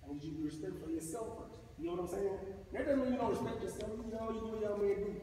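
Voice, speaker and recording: Racing along in a high, dark-toned voice, a middle-aged man from Mississippi, US, gives schoolboys a preachy anti-bullying talk in colloquial language, drawing call-and-response. He's a motivational speaker in a school gym or hall. The echoey room is recorded from far off, with a little hiss or hum.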